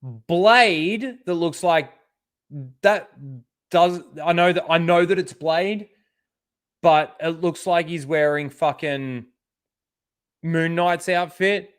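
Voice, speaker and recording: A man with a smooth, higher-pitched voice hosts his channel's livestream, speaking slowly with long pauses. He reacts to trailers in a rambling, casual manner, swearing freely and filling the gaps with fillers and asides.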